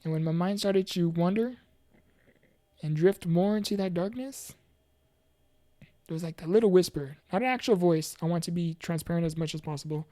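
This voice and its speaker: A woman giving an earnest, heartfelt personal testimony about mental health and faith, halting now and then with fillers and restarts. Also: on the low side, mellow, no echo, studio quality. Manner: preachy, faith-focused encouragement. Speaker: motivational speaker.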